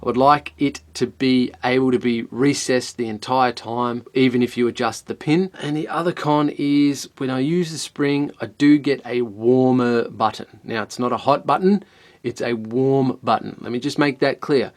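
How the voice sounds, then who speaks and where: A young Australian man talks through a product review in an easygoing, unpolished way. He is blunt, swears freely and sounds at ease. His voice sits at an ordinary middle pitch for a man. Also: steady tone, moderate pace, hardly any pauses. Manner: blunt, swears often, chatty and laid-back. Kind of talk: casual spoken product review.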